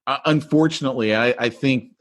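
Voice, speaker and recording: A man's voice: medium pitch, brisk. A man co-hosting a podcast, talking in a heated, ranting way in casual chat. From California. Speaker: podcast co-host.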